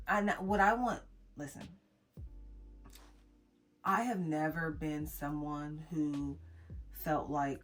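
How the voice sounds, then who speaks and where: A young woman vlogging to camera, telling an emotional personal story in a halting way with many restarts. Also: low-pitched, fairly even intonation, a bit bright, soft background music. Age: young adult. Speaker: mom vlogger.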